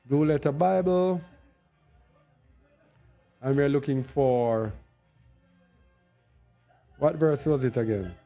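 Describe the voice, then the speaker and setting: Bible teacher, male, mellow and dark-toned, unhurried, talking through a screen search. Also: medium pitch, faint music behind. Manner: thinks aloud while searching on screen; stresses words by repeating them. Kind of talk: unscripted scripture teaching.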